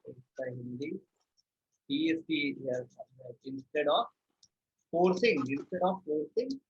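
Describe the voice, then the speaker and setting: A man teaching a live online French lesson, patiently repeating words slowly for his students. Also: fairly high pitch, very animated, muffled recording, a little hiss or hum.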